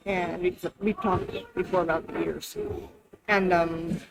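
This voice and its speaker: A woman's voice: lowish voice, level tone, measured pace, gravelly, poor audio. Chatty woman rambling through a travel story. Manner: chatty, profane, lots of fillers. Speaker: travel vlogger.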